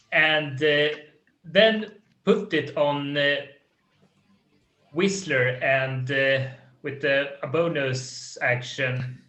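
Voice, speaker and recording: A man's voice: fairly high pitch, sharp tone, echoey room. A man playing in a tabletop game, hesitant and stumbling over his words. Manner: hesitant, with many fillers and restarts. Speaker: player. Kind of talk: tabletop role-play.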